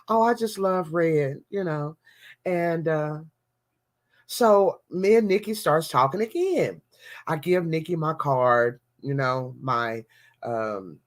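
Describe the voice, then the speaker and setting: A woman hosting a podcast, talking to her listeners in an easygoing, chatty way. She tells her stories with plenty of slang and keeps calling out to them as y'all. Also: low-pitched. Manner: animated storytelling with slang, addressing listeners as y'all. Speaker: podcast host. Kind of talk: casual chat.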